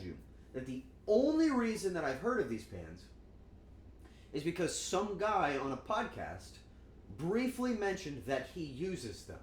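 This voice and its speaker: Guy streaming while cooking at home, lively jokey voice swinging up and down, echoey room. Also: a little high, measured pace, slight background noise. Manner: playful, joking with chat, animated outbursts. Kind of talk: casual cooking stream chat. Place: home kitchen. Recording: echoey room, faint ambience.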